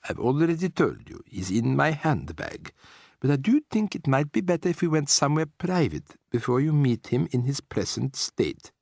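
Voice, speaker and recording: A man's voice: medium pitch, sing-song, gravelly, darkish tone, no echo, studio quality, voice pushed up. A man doing a prim elderly grandmother. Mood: firm. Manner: prim, deliberate. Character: brisk proper elderly grandmother. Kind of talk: audiobook character voice.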